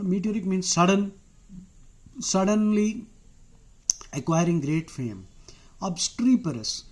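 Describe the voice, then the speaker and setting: A man's voice: on the high side, darkish tone. A man with an Indian accent teaching vocabulary in a casual, chatty way, wandering into asides and using frequent "uh" fillers. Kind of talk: casual explanatory lesson.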